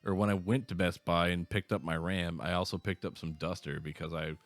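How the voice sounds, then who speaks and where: A man's voice: low-pitched, fairly even intonation, a little fast. A man in his thirties, a podcast host, telling rambling, profane stories in casual chat. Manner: rambling storyteller, swears a lot.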